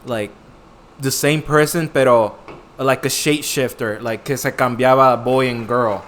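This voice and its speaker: A young man talks relaxed and casual in a family chat, adding his own memories. He mixes English with Spanish phrases and jumps in now and then to add his part. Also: mid-range voice, a little slow. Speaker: host talking with his mother.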